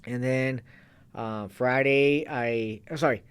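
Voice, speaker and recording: A man's voice: mid-range voice, fairly even intonation, slow, smooth. A man, a fitness and kettlebell coach, talking loosely as an interview guest and restarting his sentences often. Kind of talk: casual interview talk.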